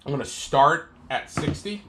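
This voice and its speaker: A man streaming his guitar practice live, counting beats aloud in a slow sing-song and talking through how each run felt. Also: fairly high pitch, animated, noisy background. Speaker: guitar teacher practicing on a livestream. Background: guitar playing.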